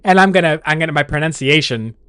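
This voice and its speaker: A man's voice: on the high side, fast, bright, forceful tone, smooth, no room sound. A man streaming and chatting casually with his viewers, rambling along with restarts and laughs.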